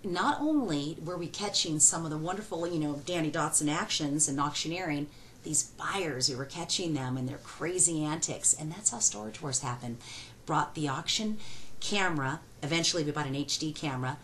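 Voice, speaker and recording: Low-voiced middle-aged woman auctioneer, quick and folksy, faint hiss behind. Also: low-quality recording. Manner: fast-talking, folksy and excitable. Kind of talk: answering fan questions.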